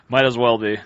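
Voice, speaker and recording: A man's voice: mid-range voice, a bit bright, clear, resonant tone. A man co-hosting a gaming podcast who chats casually, agrees easily and laughs often. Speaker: podcast co-host. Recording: dull lo-fi podcast audio.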